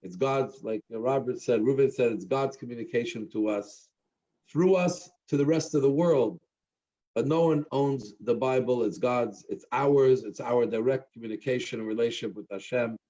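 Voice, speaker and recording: An earnest rabbi closes an evening talk with a halting, filler-filled telling of a story. His voice is dark and mellow. The recording sounds dull and muffled. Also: mid-range voice. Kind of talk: closing remarks and a told joke at a talk.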